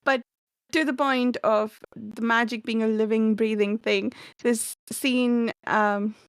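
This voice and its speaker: A woman with a fairly high voice chats casually about books, breaking into giggles between phrases. The sound is dry and close, with no room around her. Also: fairly even intonation, slow, clean tone, dry recording. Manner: giggly, laughs often while talking. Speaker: book club host. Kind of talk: casual book discussion.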